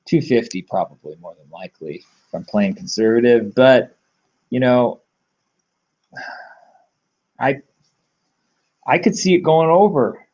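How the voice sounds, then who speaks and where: A man's voice: mid-range voice, takes it slowly, long pauses, a little mellow. Rambling, blunt man on a dull lo-fi recording. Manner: rambling, filler-heavy, blunt with casual swearing. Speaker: MMA betting tipster. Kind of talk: casual solo commentary.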